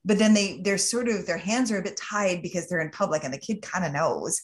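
A woman's voice: lowish voice, brisk. A woman hosting a podcast in casual chat, speaking earnestly and emphatically, with frequent fillers. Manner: earnest and emphatic, many fillers like "you know, like".

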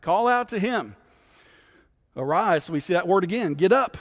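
A man's voice: high voice, lively intonation, normal speed. A man, a guest pastor teaching a Bible study in a conversational way, often checking in with his listeners. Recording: long hall reverb.

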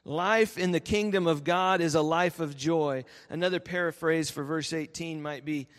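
A man, a pastor preaching a sermon and telling lively stories that he laughs through. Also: on the high side, normal speed. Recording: reverberant church hall.

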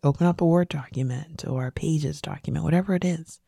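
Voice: mid-range voice, brisk, creaky, mellow, dry recording, studio quality. A podcast host giving a motivational monologue, emphatic and repeating key phrases, sometimes dropping into a whisper for emphasis.

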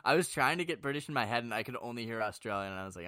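A young man co-hosting a podcast in casual chat, animated and jokey, often repeating himself. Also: medium pitch, rapid-fire, no echo. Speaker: podcast co-host.

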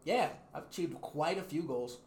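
Guesting in a relaxed interview, a young rapper who also shoots video swears freely and laughs frequently. His slightly high voice moves at normal speed with a somewhat mellow quality, against slight background noise and a roomy echo.

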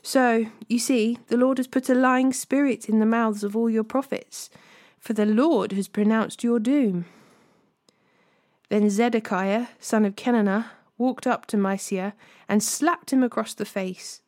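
A woman hosting a daily Bible reading, reading scripture aloud in a measured way and gently voicing the quoted speakers. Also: mid-range voice, fairly even intonation, no echo, studio quality.

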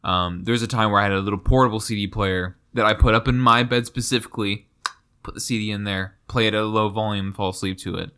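A young man tells his stories in a loose, rambling way on a casual podcast. His voice is low but bright and forward, and his delivery is easygoing. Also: steady tone, fast, smooth. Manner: rambling, laid-back storytelling with fillers. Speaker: podcast co-host. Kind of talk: casual chat.

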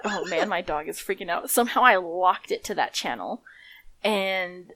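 A woman's voice: on the low side, moderate pace, pushed and bright. A woman co-hosting a podcast, telling a story in a casual chat, swearing often and laughing a lot. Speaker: podcast co-host.

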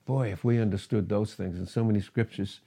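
A man preaching a sermon in an animated way, reading scripture aloud with laughs between points. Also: fairly low pitch, a little fast, slightly rough. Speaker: pastor.

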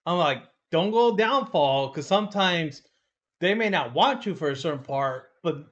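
A man joking around on a streamed talk show, profane and quick to laugh. His voice sits high and jumps around in pitch. The audio is muffled and lo-fi. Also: lively intonation. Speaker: podcast co-host. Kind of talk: casual chat.

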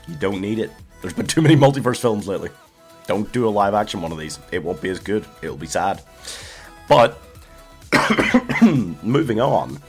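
A man hosting a solo movie podcast, chatting casually and laughing often. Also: sits low. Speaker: podcast host.

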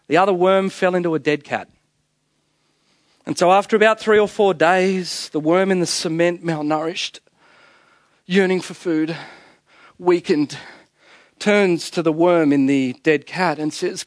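Joking Australian preacher, slightly high voice. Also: male voice, no room sound, studio quality. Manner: storytelling with humor, chuckling at his own jokes, rhetorical questions. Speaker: pastor. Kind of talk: sermon.

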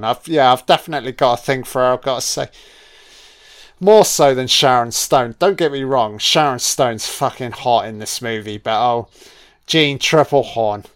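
Male commentator, mid pitch, swears a lot, joking and casual. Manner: profane, jokey, heavy swearing. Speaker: film commentator.

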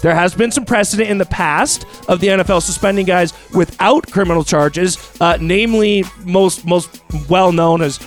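A man hosting a casual sports talk show, chatty and animated as he leads the topics. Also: high-pitched, normal speed, faint music behind.

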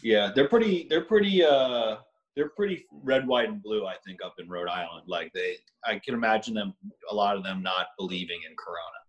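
A man's voice: on the low side, lively intonation, fairly quick, muffled recording. Male co-host, easygoing, filler-heavy chat, roomy echo on his mic. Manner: casual, full of filler "like". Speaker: podcast co-host. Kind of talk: casual chat.

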